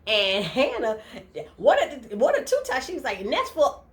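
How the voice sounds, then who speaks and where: A lively woman talks through a TV episode recap. Her voice sits a bit high, and she laughs often and throws herself into acting out the characters' lines. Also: moderate pace, noisy background. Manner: expressive, laughing, acts out quotes. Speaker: TV recap vlogger. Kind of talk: casual animated recap.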